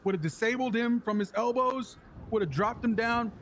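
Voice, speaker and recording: A man's voice: very high-pitched, normal speed, a bit bright, slight background noise. A man bantering in character during a role-play game, full of joking, cocky bravado.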